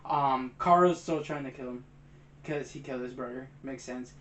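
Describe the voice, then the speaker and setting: A young man co-hosting a movie review, retelling the plot quickly and excitedly. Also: mid-range voice, reverberant, a little hiss or hum. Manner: excited, fast retelling, says "bro". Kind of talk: casual movie chat.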